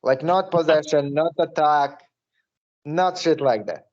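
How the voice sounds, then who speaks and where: A man's voice: fairly high pitch, a little slow, a little mellow. A man hosting a podcast, chatting casually and profanely with a lot of fillers. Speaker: podcast host. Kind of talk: casual interview chat. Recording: dull lo-fi recording.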